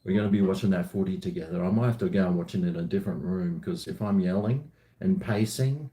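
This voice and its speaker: A man's voice: sits low, brisk, dark tone, reverberant. An Australian man chatting casually on a live stream at home, joking with viewers in a laid-back way. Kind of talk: casual live-stream chat while drinking.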